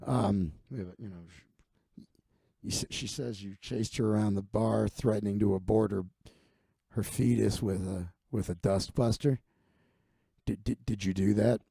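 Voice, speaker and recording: A weary middle-aged bar owner with a low, gravelly, mumbling voice, as a comedian puts him on. He hesitates constantly and sounds dark and dry on the mic. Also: fairly even intonation, unhurried, long pauses, no echo, exaggerated voice. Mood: awkward.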